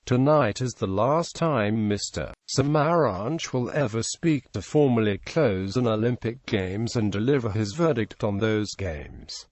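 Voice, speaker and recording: A man with an Australian accent giving a measured, formal ceremony speech as organizing committee president, reading a prepared address at a podium microphone. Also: fairly low pitch, animated, a little mellow, no echo. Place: large outdoor stadium.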